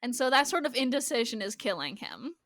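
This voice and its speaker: A woman co-hosting a podcast, chatting casually about a TV episode, animated and laughing as she acts out quotes. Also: a little high, brisk. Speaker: podcast co-host. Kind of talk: casual chat recapping a TV episode.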